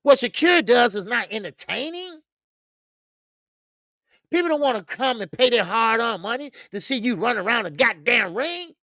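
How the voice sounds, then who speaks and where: A man hosting a boxing talk stream, speaking casually and loudly, cursing freely, repeating himself and reading viewer comments aloud. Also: very high voice, normal speed, no echo, clean studio sound. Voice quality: loud, animated, profane, repeats himself. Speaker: boxing show host.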